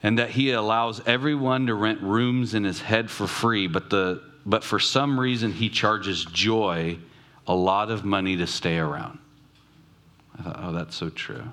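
A man preaching a sermon, reflective, asking questions aloud and slowing down to stress key words. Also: on the low side, steady tone, fairly bright tone. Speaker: pastor.

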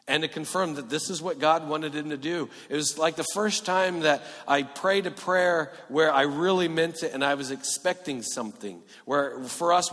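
A man preaching a sermon in a church hall, earnest, moving between emphatic and hushed delivery. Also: mid-range voice. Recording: echoey hall reverb.

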